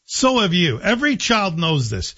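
Opinionated radio host guy, kinda high pitched, dull muffled audio. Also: very animated, moderate pace, pushed and bright, slightly rough. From Scotland. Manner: sardonic and opinionated. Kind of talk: talk radio commentary.

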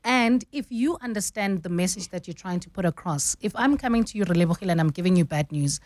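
A woman's voice: on the low side, animated, fast talker, darkish tone, no room sound, clean studio sound. A woman, a radio news anchor explaining her craft in an easy, explanatory way. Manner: explanatory, uses "you know" often. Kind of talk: studio radio conversation. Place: radio studio.

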